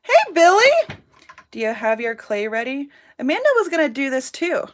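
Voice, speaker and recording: A woman in her thirties with a somewhat high voice chats loosely through a crafting livestream. She rambles, greets viewers by name and answers their comments between steps. Her speech is casual and unscripted. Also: lively intonation, a little fast. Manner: chatty and rambling, reads out viewers' names and comments. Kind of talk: casual live-stream chat while crafting.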